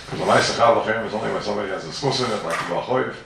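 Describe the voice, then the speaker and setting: Fast gravelly man teaching in an echoey room. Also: lowish voice, background noise. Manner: questioning, sing-song and emphatic, with many repeats. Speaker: Talmud teacher. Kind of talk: fast yeshiva-style Talmud lecture. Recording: roomy echo, voice from far off the mic.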